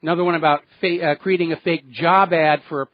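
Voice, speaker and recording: Male talk radio host, fairly high voice, sarcastic and indignant, dry and slightly dull broadcast sound. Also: steady tone, fast talker, dry recording. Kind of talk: political talk radio commentary.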